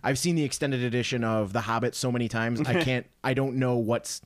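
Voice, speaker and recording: Man, casual film chat, animated, mid pitch. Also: brisk, no echo. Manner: animated, bursts into loud mock outrage and quoted lines. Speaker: podcast co-host. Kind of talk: casual chat about movies.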